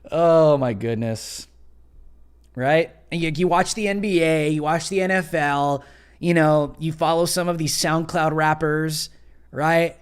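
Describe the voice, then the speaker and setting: A man's voice: takes it slowly, clean tone. A young man with a slightly raised voice hosts a casual livestream. He speaks loosely and sarcastically, full of fillers and mock outrage. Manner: sarcastic, mocking, mimics others in high voices. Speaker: livestream host.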